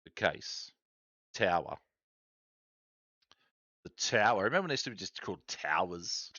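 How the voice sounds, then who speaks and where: A low-pitched Australian man in his forties chats loosely on a stream, wandering between thoughts with plenty of ums and restarts. The sound is dry and a little dull, as from a modest home setup. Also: sing-song, normal speed, bright, forceful tone, no room sound. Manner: rambling, chatty, many fillers and restarts. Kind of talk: casual stream chat.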